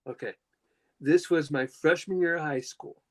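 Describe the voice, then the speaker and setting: A man's voice: a little high, moderate pace, darkish tone, low-quality recording. Young male podcast host, casual and emotional storyteller, rambling delivery. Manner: emotional, rambling with many fillers and restarts.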